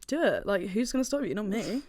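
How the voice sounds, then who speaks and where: A woman co-hosting a casual movie review podcast, animated and jokey, often laughing. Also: medium pitch, a little fast. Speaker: podcast co-host.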